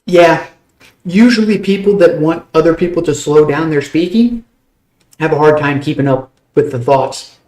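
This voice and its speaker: A young American man, chatting casually and fast with stream viewers, loose and a bit profane. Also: fairly high pitch, a little mellow. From United States. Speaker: game streamer. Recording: roomy echo.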